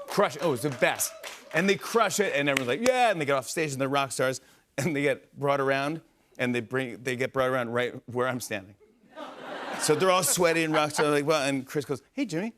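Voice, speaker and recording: A man's voice: medium pitch, a bit bright. A middle-aged man hosting a talk show, telling a rambling story with lots of fillers and laughs. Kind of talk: casual storytelling monologue. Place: TV studio stage.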